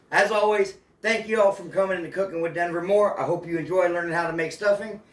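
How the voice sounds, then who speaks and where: A man's voice: high-pitched, normal speed. Joking man in an echoey kitchen. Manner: playful, joking, chatty. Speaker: cooking show host. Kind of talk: casual cooking demonstration. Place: home kitchen.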